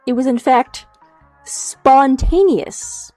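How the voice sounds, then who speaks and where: A young woman streaming from home in casual chat, animated, swearing a lot and laughing often as she reacts to chat. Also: fairly high pitch, moderate pace, dry recording, soft background music. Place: home room.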